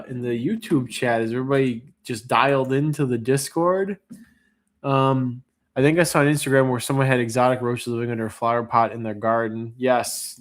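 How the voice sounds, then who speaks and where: This is a man hosting a casual live auction stream. His talk is playful and jokey as he chats through the lots. His voice sits at an ordinary, mid-range male pitch. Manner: playful, jokey, chats while sorting and labeling. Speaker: livestream auction host.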